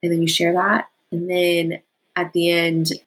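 A woman speaking as a podcast guest, explaining in a relaxed, conversational way with frequent filler words. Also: fairly low pitch, measured pace, poor audio.

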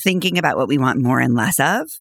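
A woman's voice: rumbling low, expressive, fast, vocal fry, dry recording, clean studio sound. A woman podcast host and coach in casual chat, bubbly and laughing often, with a cold. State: has a cold.

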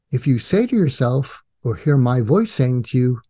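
A man's voice: mid-range voice, moderate pace. An older man, a guest psychiatrist, explaining in an interview and acting out quoted dialogue. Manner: animated, acts out quoted dialogue.

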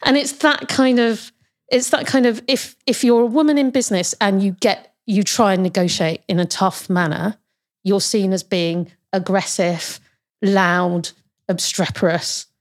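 A woman's voice: mid-range voice, steady tone, a little slow. A woman, a corporate lawyer, talking frankly and emphatically in a casual conversation.

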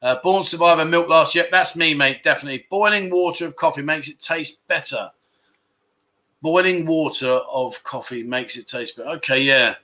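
Bright-voiced man, a bit high-pitched, casual joking livestream host chatting with viewers. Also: moderate pace. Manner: jokey, chatty, asks viewers questions. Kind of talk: casual livestream chat, reading viewer comments. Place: home in Thailand.

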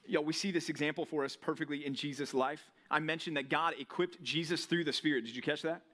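Animated young pastor preaching, twang. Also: male voice, a little high, fast talker. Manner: animated, conversational preaching with rhetorical questions. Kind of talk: sermon.

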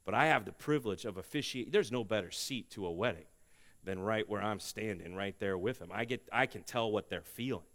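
A man preaching a sermon as a pastor in a church, earnest, rising to loud emphatic peaks and dropping to hushed, tender stretches, ending in prayer. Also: on the low side, a little fast. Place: church sanctuary.

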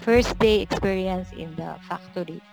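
Woman telling her story in halting English. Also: lowish voice, creaky, music in the background, rough recording. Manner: halting second-language English with simple phrasing. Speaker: factory worker interviewee. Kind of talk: interview testimony.

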